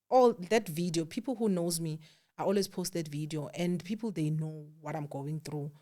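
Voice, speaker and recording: South African woman, low voice, candid storyteller. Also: normal speed. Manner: candid, animated quoting of others, drops to hushed tones. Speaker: guest. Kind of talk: emotional personal storytelling.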